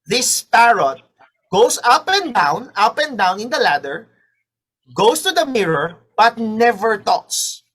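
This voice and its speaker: Woman voicing male customer, earnest, questioning, slow, polite. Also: fairly high pitch, big pitch swings, a bit bright, breathy edge, pitched below the performer's own voice, exaggerated voice. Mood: complaining. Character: polite male customer buying a talking parrot.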